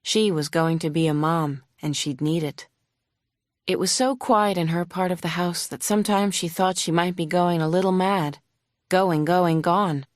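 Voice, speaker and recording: A woman reading a novel aloud in the first person, emotive, slowing and hushing for tense moments. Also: on the low side, steady tone, no room sound, clean studio sound. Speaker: audiobook narrator.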